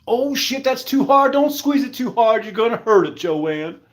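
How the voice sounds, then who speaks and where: A man voicing a smooth-talking flirty guy at a grocery store, speaking in a hushed, half-whispered, teasing way. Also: very high voice, expressive, moderate pace, voice pushed up.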